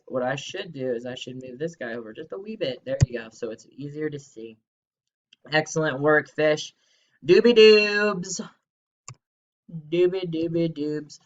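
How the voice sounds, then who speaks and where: A man's voice: a little high, a bit bright, muffled recording. A young man teaching a third grade grammar lesson from home, upbeat and playful, reading worksheet items aloud. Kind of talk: recorded remote grammar lesson.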